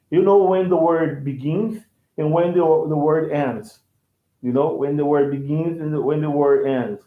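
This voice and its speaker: A man's voice: on the high side, unhurried. Man teaching English. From Brazil. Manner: repetitive, restarts phrases and checks with "right?". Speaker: language teacher. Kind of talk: casual online lesson. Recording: echoey, tinny phone-like line.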